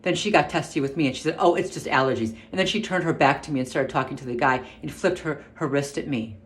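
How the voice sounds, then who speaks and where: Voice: medium pitch, fast, slight background noise. A vlogger ranting to the camera in barely held-back anger, stumbling and restarting as they speak while they try to keep their temper. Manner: agitated, restrained anger, repeated restarts. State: upset, on the verge of an outburst. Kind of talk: angry personal rant to camera. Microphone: camera mic.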